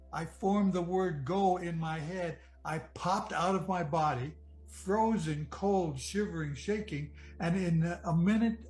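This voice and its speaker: A man from Michigan giving an earnest personal testimony about nearly drowning, reflective and halting, often restarting his sentences. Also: high voice, rough recording. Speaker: near-death experience storyteller. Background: soft music.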